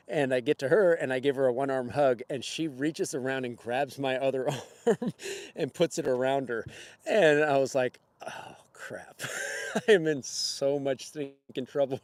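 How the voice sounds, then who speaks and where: A man's voice: medium pitch, a little mellow, dry recording. A man casually telling a personal story on a livestream in a rambling, conversational way with many fillers and chuckles. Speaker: livestream host.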